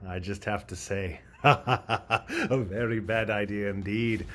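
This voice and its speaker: A man's voice: on the low side, takes it slowly, fairly bright tone. A man putting on a voice as a gloating, menacing terrorist villain in an improvised comedy bit, with theatrical sinister delivery and cackles.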